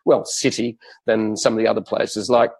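A man in his fifties with an Adelaide Australian accent, a guest on a live podcast, relaxed and joking. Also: fairly low pitch, normal speed, vocal fry, husky, low-quality recording. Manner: relaxed, easygoing, joking with laughs.

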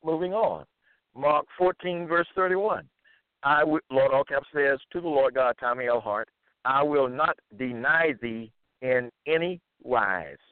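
A man's voice: mid-range voice, clear, resonant tone, no echo. Male speaker, plodding scripture reading with commentary, thin lo-fi line. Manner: slow, deliberate and repetitive. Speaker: monologue speaker. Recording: tinny phone-like line, dry.

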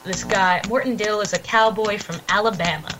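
A woman's voice: mid-range voice, moderate pace, poor audio. An enthusiastic woman chatting as a podcast guest. She giggles easily and acts out quotes in playful voices. Music runs underneath her. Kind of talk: casual podcast chat.

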